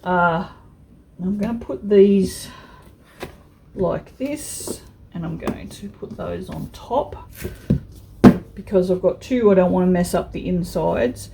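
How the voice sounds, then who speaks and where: A woman's voice: on the low side, slow pace, creaky, long pauses, heavy background noise. A woman vlogger chatting frankly while she works on a craft project, with mild swearing and many restarts. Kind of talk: casual chat while crafting.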